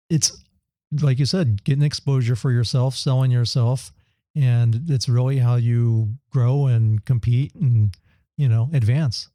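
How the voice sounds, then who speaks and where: A man's voice: medium pitch, dark tone, no room sound. A man co-hosting a podcast in casual chat, agreeable and laid-back. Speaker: podcast co-host.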